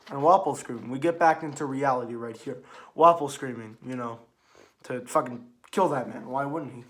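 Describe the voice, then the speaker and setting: A man giving a casual spoken manga review, rambling and excitable, swearing freely and restarting his sentences. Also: medium pitch, moderate pace.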